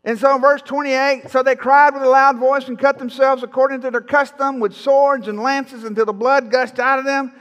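A man's voice: very high voice, level tone, moderate pace, hardly any pauses, a bit bright, in a large hall, lo-fi sound. A man preaching a sermon to his congregation, folksy and playful, teasing the people in the pews. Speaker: pastor. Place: church sanctuary.

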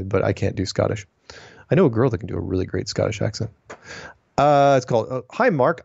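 A man's voice: medium pitch, a little mellow, dry recording. A man hosting a casual monologue, reading viewer emails aloud and ranting in a chatty, opinionated way with frequent restarts. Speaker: host answering viewer mail. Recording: dull lo-fi sound, dry.

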